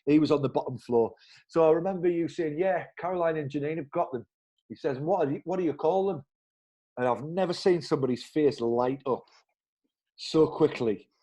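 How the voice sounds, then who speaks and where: A man in his thirties with a northern English accent, co-hosting a podcast and telling an anecdote in a lively, chuckling way with local slang. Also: a little high, fairly quick. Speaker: podcast co-host. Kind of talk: casual storytelling chat.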